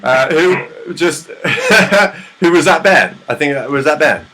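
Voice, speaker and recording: A man's voice: fairly high pitch, expressive, takes it slowly, over a noisy crowd. A young man doing stand-up comedy at an online open mic, rambling and self-deprecating, with chatty asides, over a hissy video call. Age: young adult.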